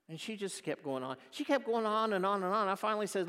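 A male pastor preaching a sermon, telling stories with passion and then praying quietly. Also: sits high, lively intonation, a little fast, long reverb tail. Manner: impassioned storytelling, closing in quiet prayer. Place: church.

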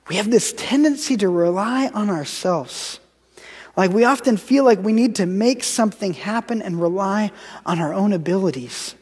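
A man's voice: sits high, normal speed, darkish tone, husky. An American man in his thirties, preaching a sermon and telling stories, often repeating words as he restarts his sentences. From United States. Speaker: pastor. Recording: long hall reverb.

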